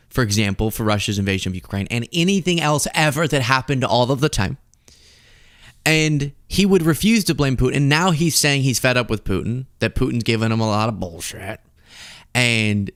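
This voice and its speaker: A man hosting a political commentary show, sarcastic and animated. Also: medium pitch, dry recording, clean studio sound. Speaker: host.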